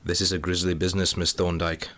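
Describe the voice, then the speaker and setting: A man's voice: low-pitched, little pitch movement, quick pace, a bit bright. A man playing a dry, melodramatic police inspector who narrates a comic mystery audio drama. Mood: wry. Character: hard-boiled Scotland Yard police inspector, middle-aged man.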